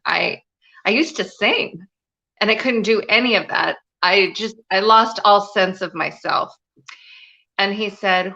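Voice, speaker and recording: A woman's voice: mid-range voice, slow, gravelly, sharp tone, lo-fi sound. A woman guest telling a personal story in a live interview, earnest and confiding, with many "you know" fillers. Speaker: guest, spiritual and business mentor.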